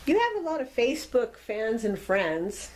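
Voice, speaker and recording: Woman interviewer with a lively voice. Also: a little high, moderate pace, a little hiss or hum. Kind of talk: interview questions.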